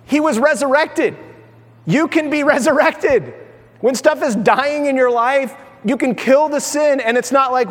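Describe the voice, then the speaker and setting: A middle-aged male pastor preaching with a high, light voice. He talks in an animated way and slips into playful put-on voices. His words ring out with the long reverb of a large church hall. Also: a little slow. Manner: animated, acts out everyday voices with humor. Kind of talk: sermon.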